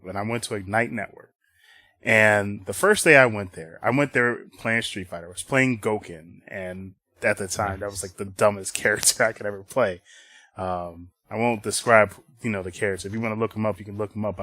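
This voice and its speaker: Bright-voiced low man, halting podcast host. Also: dry recording, clean studio sound. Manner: halting, many ums, uneven loudness. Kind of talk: casual chat.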